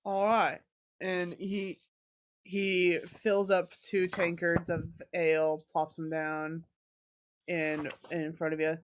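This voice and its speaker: A woman narrating a tabletop game as game master, halting often on fillers. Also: on the low side, flat delivery, a little hiss or hum.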